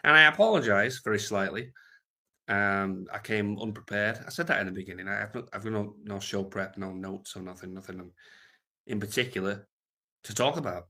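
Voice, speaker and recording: During an unscripted livestream, a man from Britain reads viewer comments aloud, his talk crude, jokey and rambling, and he tends to trail off quietly. He speaks at a normal speed in a voice on the low side.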